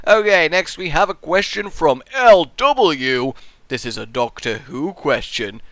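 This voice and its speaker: A man casually answering viewer questions in a goofy, animated way, often breaking into shouts and sound effects. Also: a little high, a little slow, no echo. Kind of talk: casual Q&A vlog.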